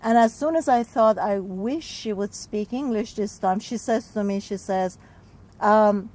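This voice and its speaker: Woman healer, expressive storyteller, mid-range voice. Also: mid-range voice, unhurried, rough recording. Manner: expressive, acts out quoted speech, frequent "like". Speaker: spiritual healer guest. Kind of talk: personal storytelling in an interview.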